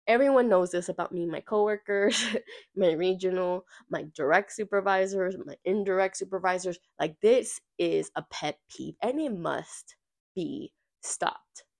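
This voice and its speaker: A podcast host with a medium-pitched, unhurried voice launches into a casual rant about a workplace incident. Sassy and foul-mouthed, she tells the story vividly and performs the voices of everyone she quotes.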